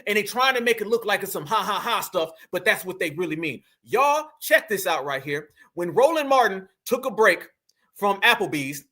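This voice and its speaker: A man's voice: sits high, animated, moderate pace, pushed and bright. A man hosting a reaction commentary. He talks emphatically and mockingly, repeating his points straight to his audience. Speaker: commentary channel host. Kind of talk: reaction commentary on a played clip.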